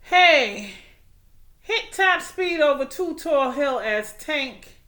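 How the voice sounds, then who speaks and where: A woman teacher reading a storybook aloud, with expressive, animated storytelling. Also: sits high, slow pace.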